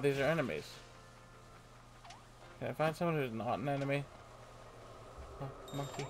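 A man playing a video game and commenting casually, playfully reading the game's lines aloud in silly voices. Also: a little high. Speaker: let's play gamer. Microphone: desk microphone at a computer.

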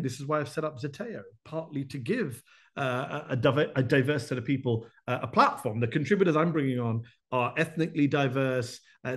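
At the town hall he leads, a man responds to members on the spot, lively and quick, enumerating his points while tossing off brief asides. His voice runs on the high side.

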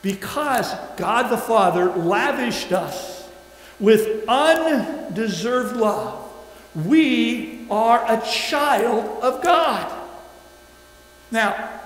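A man preaching a sermon in a church, emphatic and deliberate, leading the congregation in call-and-response. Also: extremely high pitch, expressive. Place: church sanctuary. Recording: echoey hall from a distance.

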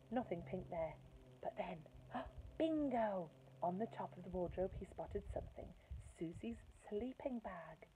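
A woman teacher reading a children's book aloud in a lively storytelling manner, asking her listeners questions. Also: mid-range voice. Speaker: primary school teacher. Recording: tinny phone-like sound, faint hiss.

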